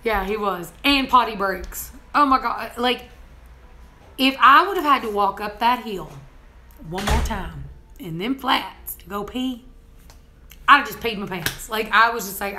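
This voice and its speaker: A young woman, telling a story in a casual vlog, animated and laughing often as she acts out what people said. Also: fairly high pitch, measured pace, a little hiss or hum. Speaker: homestead vlogger.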